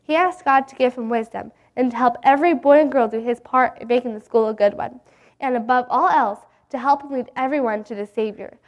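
A woman reading a Bible story aloud in an earnest, gentle way. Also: on the high side, a little fast, dull audio.

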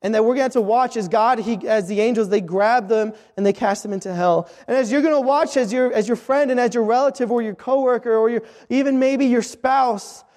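Earnest high-voiced man preaching in a reverberant hall. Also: brisk, hardly any pauses, darkish tone. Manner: earnest, repetitive, with frequent restarts. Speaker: missionary preacher. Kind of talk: sermon.

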